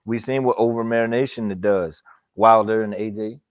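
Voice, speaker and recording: A man's voice: lowish voice, steady tone, normal speed. A man hosting a live boxing talk stream, talking casually and profanely with lots of slang and repetition. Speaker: boxing talk show host. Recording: dull lo-fi stream audio.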